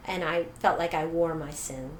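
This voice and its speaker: A middle-aged woman tells her story as an interview guest, jumping up in pitch when she acts out other people's lines. The room sounds echoey, with a faint hiss behind her. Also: fairly even intonation, normal speed.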